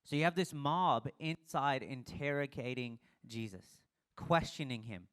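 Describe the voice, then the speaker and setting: Pastor preaching in a casual, storytelling way. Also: male voice, mid-range voice, a little slow, fairly bright tone, clear, resonant tone. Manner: conversational, acts out quoted dialogue. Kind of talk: casual sermon.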